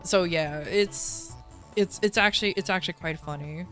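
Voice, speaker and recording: A woman's voice: fairly low pitch, normal speed, a bit bright. Ranting woman streamer, music behind. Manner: ranting, blunt, swears, frequent restarts. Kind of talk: casual livestream chat.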